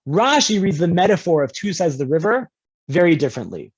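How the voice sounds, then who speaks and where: A man's voice: big pitch swings, brisk, breathy edge. A man teaching an online class as a rabbi, conversational and playful with examples, often checking in with "right?", heard through a video call. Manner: playful with examples, jumps into higher pitch for quoted speakers. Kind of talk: online lecture on Jewish law. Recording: dull lo-fi video call audio.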